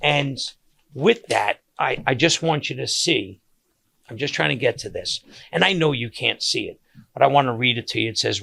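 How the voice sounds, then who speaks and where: Gravelly older man telling stories. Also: mid-range voice, normal speed, no echo. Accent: Long Island. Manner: animated storyteller with many restarts. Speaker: podcast host, caterer. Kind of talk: casual storytelling.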